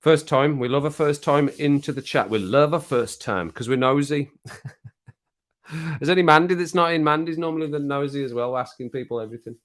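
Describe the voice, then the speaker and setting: A man's voice: a little high, moderate pace. A man with a Black Country accent hosting a casual livestream chat, rambling and chatty and laughing often. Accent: Black Country English. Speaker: livestream host.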